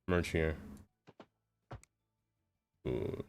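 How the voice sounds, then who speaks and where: A man chatting casually on a live game stream, playful and quick to laugh. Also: soft background music. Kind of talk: casual live-stream chat while gaming.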